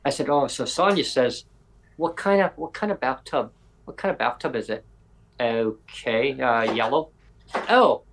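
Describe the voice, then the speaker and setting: Animated man telling a story. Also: medium pitch, moderate pace, slight background noise, low-quality recording. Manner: animated, acts out other people's lines in quoted voices. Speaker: podcast host. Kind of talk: casual storytelling chat.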